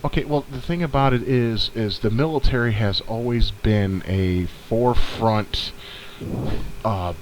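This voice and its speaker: A man's voice: on the low side, a little slow, a little hiss or hum, rough recording. A man from the northern United States co-hosting a podcast, ranting and rambling with heavy swearing. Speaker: podcast co-host. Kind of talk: casual podcast chat.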